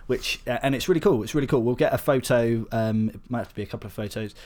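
A man's voice: medium pitch, quick pace, darkish tone. A man in his thirties, a comedian co-hosting a podcast, sounding tired and trading wry, easygoing banter. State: tired from little sleep. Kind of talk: casual chat.

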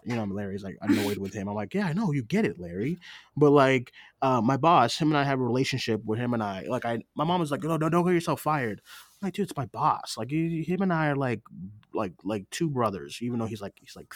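A young man co-hosting a casual film chat show. His voice swings widely in pitch as he tells animated stories and acts out other people's lines. The sound is dry and close. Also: no room sound. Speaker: podcast co-host.

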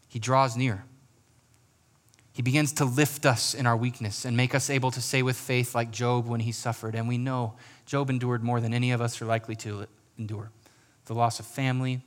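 Brief: male pastor, mid-pitched voice, sermon delivery, earnest, swells and hushes. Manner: earnest, builds to emphatic rises then drops to soft, slow phrasing. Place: church sanctuary.

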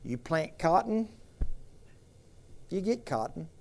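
An older man preaches a sermon as a pastor, emphatically leading the congregation in repeated call-and-response phrases. His voice is fairly high and very animated, slow, with vocal fry and a little hiss or hum in the background.

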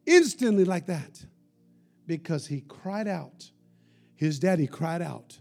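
A male pastor with a high, mellow voice delivers a sermon and leads an altar call. He swings between loud, pleading stretches and hushed, soft-spoken phrases. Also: animated, slow, creaky, faint music behind.

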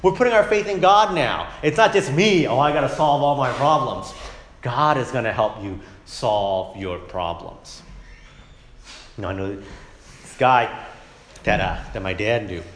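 A man's voice: medium pitch, a little slow, long pauses, reverberant, slight background noise. A man who is a parent of young children, teaching a conversational Sunday school Bible lesson, often asking "right?" and acting out quotes. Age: adult, parent of young kids. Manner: animated, keeps asking "right?", acts out quotes. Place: church classroom.

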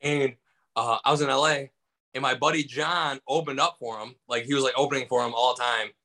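In a rough recording of a video call, a Michigan-born comedian rambles through a casual storytelling interview, full of fillers and acted-out quotes. His medium-pitched voice is brisk, pushed and bright, with fairly even intonation.

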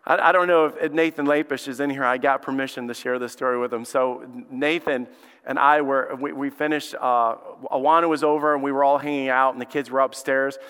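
Bright-voiced man preaching in an echoing hall. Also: mid-range voice, fairly quick, clear, resonant tone. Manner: animated storytelling, acts out quotes. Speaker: pastor. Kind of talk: sermon. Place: church sanctuary. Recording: reverberant church hall.

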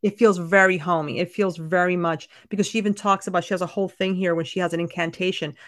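A woman's voice: on the low side, steady tone, fast, no room sound, studio quality. A woman co-hosting a podcast, chatting casually and emphatically about a book. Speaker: podcast co-host.

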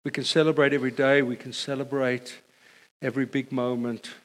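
A middle-aged man preaching a sermon, telling stories with animated delivery and building to a repeated refrain. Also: mid-range voice, a little fast. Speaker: pastor.

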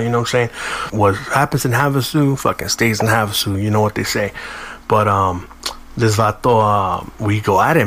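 A man's voice: medium pitch, a bit bright. A man, hosting a podcast and telling a long, profane, slangy story in a casual way. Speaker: podcast host.

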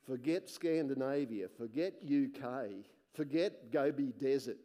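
A man preaching, reading scripture slowly and earnestly, his voice dropping soft and low at the ends of phrases, with musing, excited asides between readings.

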